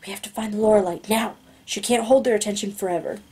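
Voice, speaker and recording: A woman's voice: medium pitch, fairly even intonation, fast, lightly acted. A woman voicing a grim whispering young man. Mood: urgent. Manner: hushed and grim, urgent. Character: wry young male teleporter, grim, whispering. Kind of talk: audiobook character voice.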